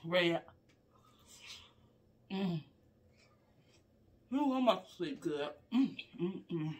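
A woman's voice: lowish voice, takes it slowly, a little hiss or hum. A woman vlogger chatting casually to her viewers while eating a meal, humming "mm" between bites and talking with her mouth full. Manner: savoring food with frequent mm sounds, talking with mouth full; relaxed, chatty, addresses viewers as y'all. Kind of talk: casual live eating vlog.

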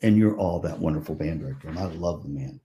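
A man's voice: a bass voice, fast, warm tone, a little hiss or hum. A man giving a conference keynote, telling stories playfully and acting out family members' voices. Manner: playful, jokes with audience. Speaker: keynote speaker.

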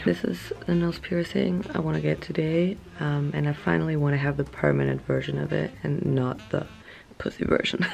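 A woman's voice: low-pitched, creaky. A young woman talking to a handheld camera in a casual vlog, giggly and self-mocking. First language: German. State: groggy morning voice. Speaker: vlogger.

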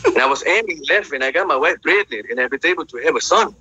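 Brash fast-talking comedian. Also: male voice, on the high side, lively intonation, sharp tone, husky. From Georgia, USA. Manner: brash, profane, rapid storytelling. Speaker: stand-up comedian. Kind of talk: crude stand-up comedy set. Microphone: video call. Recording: dull lo-fi video call audio.

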